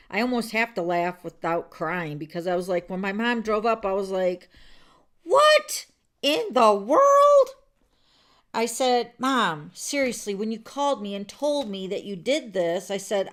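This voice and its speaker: A woman's voice: mid-range voice, a bit bright. A woman hosting a card-making livestream, chatting casually and rambling with viewers, with lots of fillers and restarts. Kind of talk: casual live chat with viewers. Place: home craft room.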